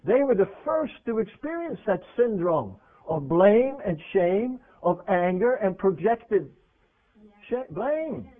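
A man with a high voice preaches in a conversational style. He often asks the congregation questions and drops from loud points to near-whispers. The recording is thin and phone-like, like an old radio broadcast. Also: big pitch swings, takes it slowly. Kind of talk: sermon.

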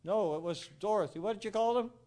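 A man giving an informal sermon, telling stories with animated rhetorical asides and frequent chuckles. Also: high-pitched, fast talker. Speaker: preacher.

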